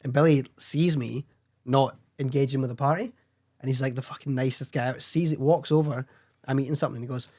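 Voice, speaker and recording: A young Scottish man rattles off anecdotes at a fast clip, swearing freely and breaking into laughs. His voice sits in a middle register. He sounds like a guest on a casual podcast chat. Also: mid-range voice, steady tone, darkish tone. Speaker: guest filmmaker.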